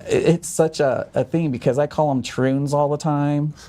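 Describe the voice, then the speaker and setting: A man's voice: fairly high pitch, fairly even intonation, moderate pace, warm tone. A man appearing as a guest on a podcast, speaking bluntly and provocatively in casual chat.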